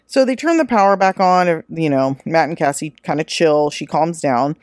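A woman's voice: on the low side, normal speed, hardly any pauses, no room sound, clean studio sound. A woman hosting a solo true-crime podcast, retelling a case in a casual, profane way and acting out the quoted lines. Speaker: podcast host.

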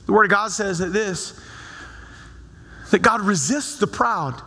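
A man preaches to his church in an easy, conversational style, circling back on his phrases. His voice sits high and sounds bright and forceful. The sound rings out with a long reverb from the sanctuary. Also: unhurried. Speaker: pastor. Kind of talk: sermon.

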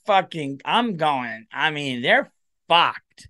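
Podcast comedian: tired man, rambling, profane, animated, mid-pitched. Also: moderate pace, no echo, clean studio sound.

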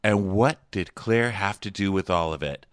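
A man's voice: low voice, normal speed, no echo, clean studio sound. A man co-hosting a podcast from his home office, chatting casually and playfully with lots of laughter and jokey impressions. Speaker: podcast co-host. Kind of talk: casual chat.

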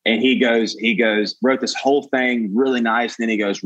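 A young man with a Southern US accent, a comedian guest telling animated stories in casual chat and saying "dude" a lot. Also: mid-range voice, normal speed, no echo, dull audio. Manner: animated, says "dude" often, jumps into quoted voices.

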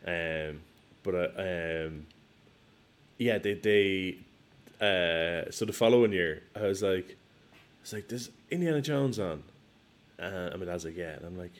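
A man from Ireland chatting casually on a podcast, halting and repeating words as he tells a story. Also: deep voice, fairly even intonation. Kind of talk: casual chat.

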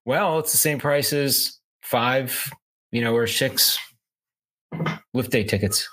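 Male podcast co-host, middle-pitched voice, relaxed casual chat, thinks out loud. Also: slow pace.

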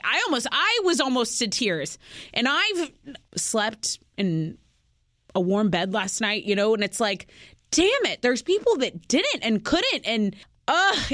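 A woman's voice: high-pitched, a bit bright, no room sound, clean studio sound. Profane, emotional woman with a Texan accent. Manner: frank, profane, emotional, repeats words. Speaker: radio host. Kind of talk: casual venting monologue.

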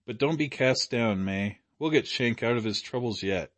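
A man's voice: medium pitch, moderate pace, a bit bright, no echo, close to an everyday voice. A man doing a hearty, reassuring young man. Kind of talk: audiobook character reading.

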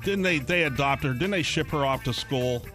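A man's voice: mid-range voice, normal speed, over music. A man hosting a morning radio show, joking casually with his co-hosts. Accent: Boston. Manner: jokey, lively delivery. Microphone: studio microphone.

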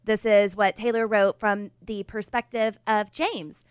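A young woman co-hosting a podcast, chatting and musing aloud in a relaxed way. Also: mid-range voice, a little slow, smooth, dry recording, studio quality. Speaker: podcast co-host. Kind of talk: casual chat.

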